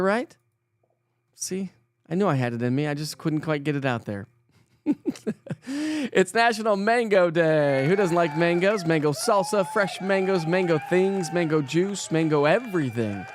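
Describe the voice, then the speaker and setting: His voice is a little high with lively intonation and a moderate pace, recorded dry. He's from Colorado, hosting a casual morning weather live stream where he chats with viewers, mocks himself, laughs a lot, and trips over his words.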